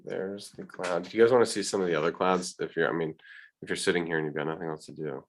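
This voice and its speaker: A man's voice: sits low, fairly even intonation, fast talker. A man, an art teacher, chatting casually with his class, hesitant, with many restarts.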